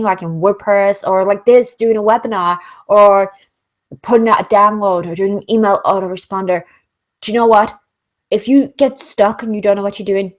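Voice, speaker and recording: A British woman talks through a business Q&A webinar in a loose, chatty way. She keeps slipping into little acted-out voices of her own doubts. Her pitch sits in an ordinary middle range. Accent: British English. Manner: chatty and animated, lots of "like" and acted-out inner voices. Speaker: business coach hosting a Q&A. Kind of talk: casual motivational webinar talk.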